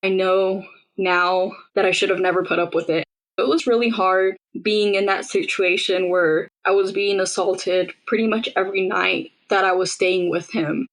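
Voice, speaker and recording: A woman's voice: mid-range voice, little pitch movement, normal speed, rough recording. Young woman telling her story casually. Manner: casual and conversational, with frequent "like". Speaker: podcast interviewee recounting her own experience. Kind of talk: personal storytelling in an interview.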